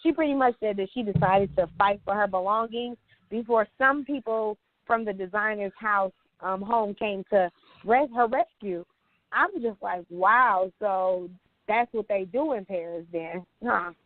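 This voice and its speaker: A woman's voice: medium pitch, a little slow, no echo. A woman co-hosting a casual podcast, recapping celebrity news in a chatty way and laughing often. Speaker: podcast co-host. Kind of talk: casual chat. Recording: tinny phone-like line.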